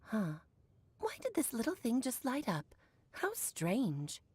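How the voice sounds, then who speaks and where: A woman's voice: a little high, huge pitch swings, slow pace, darkish tone, breathy edge, no echo, exaggerated voice. A woman voicing a grand, coy and theatrical female witch mentor in a video game. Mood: haughty. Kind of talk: game voice acting. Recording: game audio with faint music.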